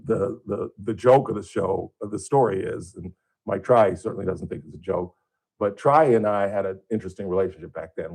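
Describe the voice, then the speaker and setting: A man hosting a radio show, telling a story from his own working life in a casual, animated way and acting out his own outbursts. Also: vocal fry. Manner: animated, acts out his own outbursts with big pitch jumps. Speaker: radio host. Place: radio studio.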